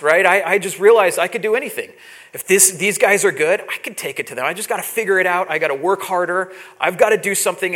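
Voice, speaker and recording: High bright-voiced guy preaching, storytelling sermon, gets loud and animated. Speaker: pastor.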